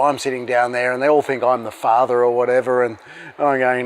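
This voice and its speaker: Animated male storyteller recounting events. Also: medium pitch, fairly quick. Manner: animated, acts out dialogue in the retelling. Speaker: interviewee recounting past events. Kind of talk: casual storytelling.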